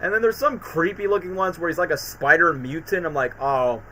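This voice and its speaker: A man's voice: on the high side, a little fast, pushed and bright, a little hiss or hum, low-quality recording. A man hosting a casual live stream, rambling through his thoughts with lots of fillers and restarts. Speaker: streamer host.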